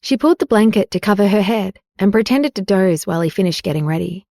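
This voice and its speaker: A woman reading a romance audiobook as narrator, in an even, unhurried way. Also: medium pitch, creaky, no echo, clean studio sound. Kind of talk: scripted narration.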